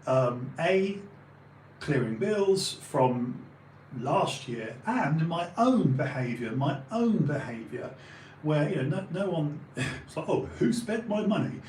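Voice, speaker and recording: A man's voice: a little high, lively intonation, takes it slowly, darkish tone, a little hiss or hum. A man in his late forties chatting on a live stream, rambling with fillers and restarts and swearing freely. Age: 40s. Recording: roomy home recording, faint ambience.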